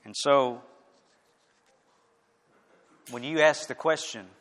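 A man preaching a sermon, swinging from loud, emphatic declarations to hushed, quiet lines. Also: medium pitch, slow pace. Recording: echoey hall with long reverb.

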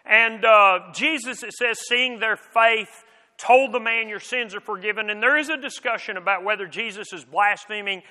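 Guy giving a sermon, bright tense voice, lots of restarts, echoey church. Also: high-pitched, normal speed. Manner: earnest and conversational, many restarts and rhetorical questions. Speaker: preacher. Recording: long reverb of a large hall.

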